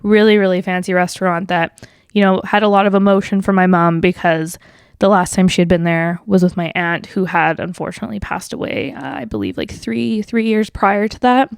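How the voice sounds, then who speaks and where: A woman's voice: a little fast, gravelly, clear, resonant tone, no echo, clean studio sound. A woman in her twenties hosting a solo podcast, telling a personal story in a casual, swear-filled way with lots of fillers, lifting her voice when she quotes people. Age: 20s. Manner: quotes people in livelier, higher voice. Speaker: podcast host.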